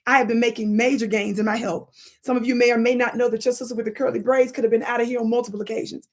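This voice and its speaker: A woman's voice: on the high side, flat delivery, very fast. A woman hosting a spiritual livestream, teaching in an emphatic, preacher-like way, asking her audience rhetorical questions and thanking viewers for their comments. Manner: reads viewer comments aloud and thanks them warmly. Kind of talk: live-streamed spiritual teaching.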